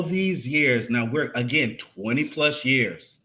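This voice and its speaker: A man co-hosting a marriage podcast, talking in an animated, casual way and often repeating and restarting his phrases. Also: medium pitch, slow, few pauses, noisy background. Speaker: podcast co-host. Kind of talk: casual conversation about marriage.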